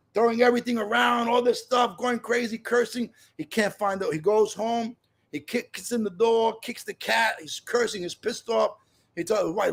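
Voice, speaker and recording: High-voiced man sharing passionately. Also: creaky. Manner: passionate, repetitive storytelling. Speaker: speaker at a recovery meeting. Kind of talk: personal share at a recovery meeting.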